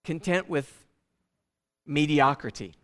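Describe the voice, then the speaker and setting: A man preaching a sermon as pastor, in an animated, conversational way with frequent restarts. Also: fairly high pitch, takes it slowly.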